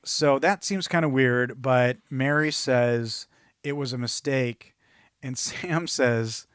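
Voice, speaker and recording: A man's voice: mid-range voice, slow, fairly bright tone, clear, resonant tone, no echo, studio quality. Chatty man recapping a movie. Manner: chatty, rambling recaps with laughs. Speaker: podcast co-host. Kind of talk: casual movie review chat.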